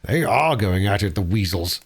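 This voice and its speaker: Placid, commanding old storybook badger, low-key and firm, as a man reads him. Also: lively intonation, normal speed, vocal fry, breathy edge, exaggerated voice. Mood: calm, commanding. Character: gruff, steady old male badger leader.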